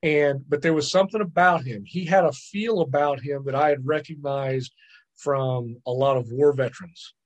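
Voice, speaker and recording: A man, a podcast guest, telling stories in lively casual chat, often repeating words and checking in with "right?". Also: medium pitch. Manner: animated storyteller, repeats words and asks "right?". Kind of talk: casual storytelling.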